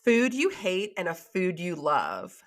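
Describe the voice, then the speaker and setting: A woman's voice: lowish voice, wildly swooping pitch, slow pace. A woman co-hosting a podcast in casual chat, reading out listener questions with frequent exclamations. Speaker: podcast co-host.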